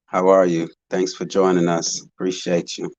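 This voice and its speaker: A man's voice: low voice, flat delivery, normal speed, a little mellow, no echo, poor audio. A man hosting a live online panel, musing aloud and greeting chat members by name. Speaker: host of a live panel stream. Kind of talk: casual live-stream chat.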